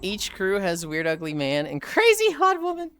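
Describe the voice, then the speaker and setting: Lively, swearing woman streamer. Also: mid-range voice, moderate pace, no echo. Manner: animated, swears freely, acts out quotes. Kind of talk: casual live-stream chat and storytelling. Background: game trailer music.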